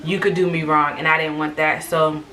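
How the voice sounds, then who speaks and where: A woman with a bright, forceful voice set a little low, telling a personal story in a casual storytime vlog. She tells it in an animated way and acts out what people said. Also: moderate pace, slight background noise. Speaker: vlogger sharing her birth story.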